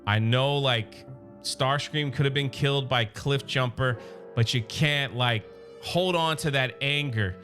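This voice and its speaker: A man's voice: mid-range voice, unhurried, a bit bright, soft background music, lightly acted. A man quoting lines for an earnest, world-weary female robot warrior, talking in his own voice.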